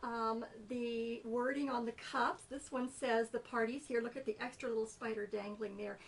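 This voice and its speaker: A woman's voice: fairly high pitch, steady tone, normal speed, gravelly, distant mic, rough recording. A woman hosting a casual show-and-tell, bubbly and enthusiastic, then reading a story aloud. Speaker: host.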